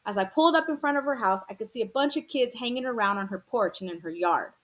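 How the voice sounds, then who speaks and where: A woman's voice: a little high, fast talker, fairly bright tone, close to an everyday voice. Woman voicing a scared, slangy teenage boy. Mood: tense. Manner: slangy, tense storytelling. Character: troubled teenage boy telling a painful story.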